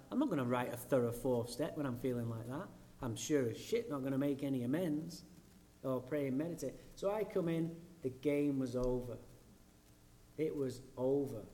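A man's voice: fairly high pitch, a little mellow, slight background noise. A man from England with an English accent, giving a blunt, profane and self-mocking personal talk at a recovery meeting.

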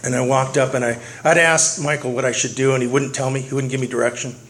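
A man's voice: mid-range voice, steady tone, fast, a bit bright. A middle-aged man speaking at a recovery meeting, telling his story earnestly and repeating key phrases for weight. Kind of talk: personal recovery testimony. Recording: noisy recording with clicks.

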